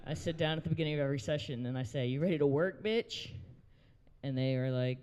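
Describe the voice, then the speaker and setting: A man's voice: a little high, expressive, quick pace, darkish tone, in a large hall. A young man hosting an open mic, doing a crude stand-up set and working the crowd in a brewery. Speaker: open mic host and comedian. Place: brewery taproom, live audience.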